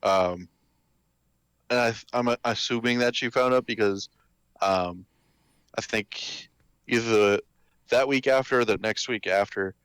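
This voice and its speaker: A young man with a low, smooth, resonant voice tells a story slowly in casual chat. He halts and restarts as he goes, and the sound is dry and close. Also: a bit bright, no echo. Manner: slow, halting storyteller.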